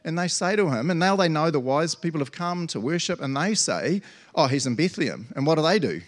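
Playful New pastor, chatty sermon. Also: male voice, fairly high pitch, animated, fairly quick. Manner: playful and chatty, acts out quotes with sudden loud jumps. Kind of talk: casual sermon.

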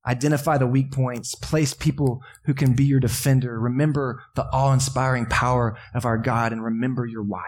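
A man's voice: mid-range voice, level tone, normal speed, few pauses. Man, pastor, sermon, earnest, impassioned emphasis. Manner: drops to soft, quiet prayer.

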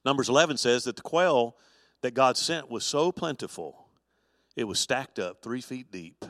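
A man, a pastor, teaching an evening adult Bible study in a folksy, animated storytelling way with touches of humor. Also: medium pitch, moderate pace, no room sound, clean studio sound, long reverb tail.

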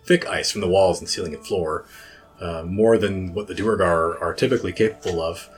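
Very deep male player, measured and dry. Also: faint music behind. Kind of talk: tabletop role-play.

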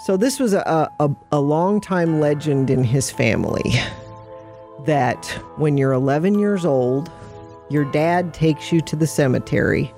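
A woman with a gravelly, creaky voice hosts a chatty podcast. She tells stories in an animated rush, full of repeats and restarts. Faint music sits under her voice. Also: low voice, unhurried. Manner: animated, repeats and restarts while telling a story. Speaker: podcast host. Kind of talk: casual storytelling chat.

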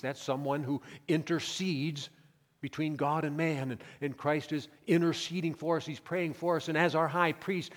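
A man's voice: a little high, in a large hall. A man preaching a Sunday sermon as pastor, earnest and emphatic, in a church. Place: church sanctuary.

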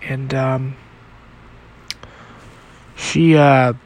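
A man hosting a podcast episode, telling a personal story in a halting, reflective and emotional way. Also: mid-range voice, level tone. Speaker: podcast host.

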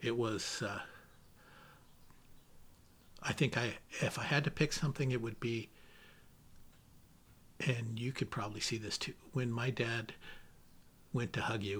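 A man's voice: fairly low pitch, a bit bright, breathy edge. A man telling stories about his father in a casual, rambling way, with many fillers and restarts. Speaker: interviewee remembering his father. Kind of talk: casual storytelling.

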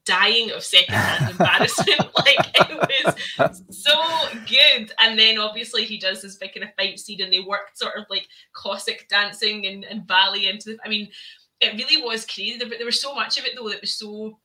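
A woman chatting casually about a film, animated and laughing often. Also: mid-range voice, moderate pace, poor audio. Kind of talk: casual film review chat.

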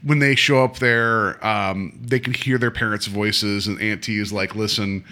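A man's voice: lowish voice, unhurried, sharp tone. A man co-hosting a casual podcast, reviewing a TV episode in a rambling, sarcastic way with many restarts. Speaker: podcast co-host.

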